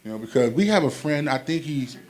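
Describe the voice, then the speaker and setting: Animated stand-up comedian man. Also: mid-range voice, brisk. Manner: animated storytelling with quoted voices.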